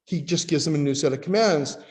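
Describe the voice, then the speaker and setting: A man's voice: fairly high pitch, a little fast, long reverb tail. A man preaching a sermon, teaching in a conversational tone as he reads scripture aloud and acts out voices.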